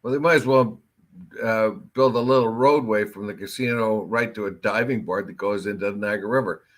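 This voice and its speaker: Male talk co-host, somewhat low voice, rambling storyteller, casual chat. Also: brisk, fairly bright tone. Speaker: co-host of a local talk show.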